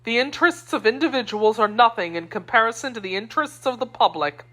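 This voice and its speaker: A woman's voice: on the high side, fast talker, a bit bright, pitched above the performer's own voice, natural voice. A woman reading as a pompous, timid mercer husband. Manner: self-important, proud, defensive. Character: pompous timid middle-aged male mercer.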